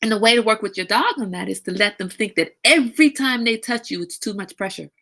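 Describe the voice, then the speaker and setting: A middle-aged woman hosting a casual livestream talk, outspoken and animated, now and then slipping into a high sing-song voice. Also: a little fast. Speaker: host.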